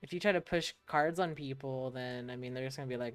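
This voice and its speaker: An extremely low-pitched female voice moves at a quick pace over soft background music. She's a young woman from the United States streaming a game and telling casual stories, laid-back, profane, quick to laugh, and acting out those she quotes.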